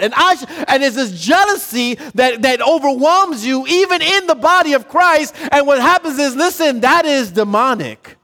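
Guy preaching, pretty high voice, casual and fired up, lots of repeating himself. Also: moderate pace, hardly any pauses. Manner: casual, animated preaching with slang and repetition. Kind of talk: sermon.

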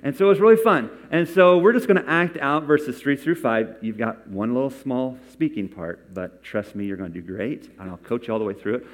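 Pastor preaching in a reverberant hall. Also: male voice, mid-range voice, animated, brisk, few pauses. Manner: conversational, coaxing volunteers. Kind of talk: sermon with scripture reading. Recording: long reverb from a large hall.

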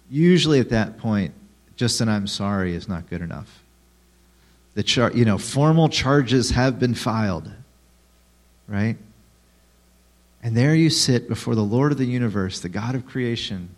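A man's voice: mid-range voice, a little mellow. Man preaching with rhetorical questions. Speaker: pastor. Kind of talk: sermon.

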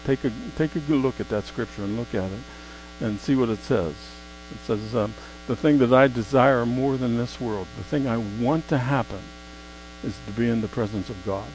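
A man preaching a sermon, swinging between quiet, slow asides and loud, emphatic exclamations. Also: medium pitch, slight background noise, low-quality recording.

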